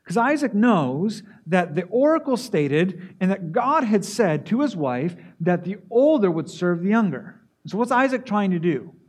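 A man with a high-pitched voice delivers a sermon, putting rhetorical questions to his listeners. He often doubles words as he restarts his phrases. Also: very animated, measured pace, hardly any pauses, darkish tone. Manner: poses rhetorical questions to the congregation. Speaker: preacher.

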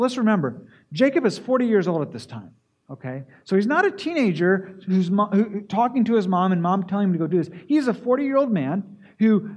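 High-voiced man preaching a sermon. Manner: poses rhetorical questions to the congregation; repeats words as he restarts phrases.

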